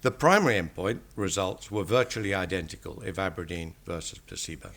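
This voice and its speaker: A man's voice: low-pitched, brisk, creaky, fairly bright tone. Dry-witted English man lecturing. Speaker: statistician lecturer. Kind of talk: academic lecture.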